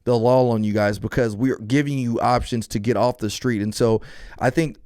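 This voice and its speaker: A young adult man who is a police officer, talking casually on a podcast in a laid-back way and getting animated when he tells stories. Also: mid-range voice, moderate pace, dry recording, clean studio sound.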